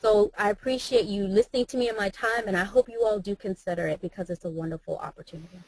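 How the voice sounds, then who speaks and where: A woman's voice: medium pitch, fast, darkish tone, dry recording, low-quality recording. An American woman, a mentor and businesswoman, speaking earnestly and encouragingly on a group call. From United States. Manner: earnest, encouraging, faith-filled.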